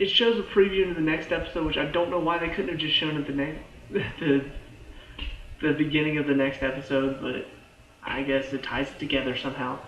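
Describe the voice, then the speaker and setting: A TV show reviewer gives a casual, rambling recap of episodes, saying "like" often and restarting his sentences. His mid-range voice has a fairly bright tone, recorded in an echoey room with dull, lo-fi sound.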